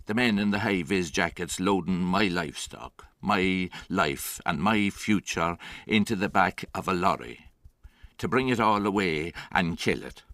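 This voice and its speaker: A man's voice: sits low, a little slow, fairly bright tone, no echo. An actor playing an older Irish grandfather and former farmer who tells his story in a wry, dry theatrical monologue. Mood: grim.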